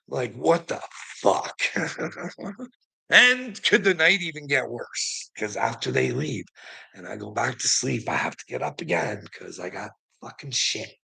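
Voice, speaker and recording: Husky man rambling thru a story, cussing nonstop, laughs a lot, tense sharp voice. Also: lowish voice, expressive, moderate pace, rough recording. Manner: profane, laughs often while telling. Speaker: storyteller addressing a relative.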